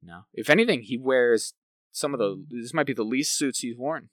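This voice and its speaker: With lively intonation and a fairly bright, mid-range voice at normal speed, a podcast co-host rambles through a casual film review chat, using plenty of "like" and tag questions. The recording is dry, with clean studio sound.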